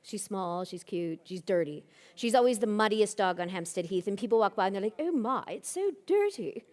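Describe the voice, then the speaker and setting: A woman's voice: medium pitch, brisk, a little mellow. A woman giving a conference talk, telling anecdotes with self-deprecating humor. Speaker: keynote speaker. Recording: long reverb of a hall.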